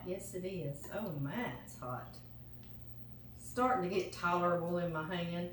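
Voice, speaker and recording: A woman's voice: lowish voice, unhurried. Chatty Southern woman in a roomy kitchen. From Louisiana. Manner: chatty, folksy, talks straight to the viewers. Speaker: home cooking vlogger. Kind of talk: casual kitchen chat. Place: home kitchen. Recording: roomy kitchen, mic at a distance, noisy.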